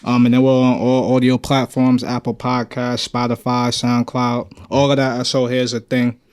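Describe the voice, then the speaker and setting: A man co-hosting a casual podcast, speaking in a low-key, halting way. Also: monotone, darkish tone, clean tone. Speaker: podcast co-host.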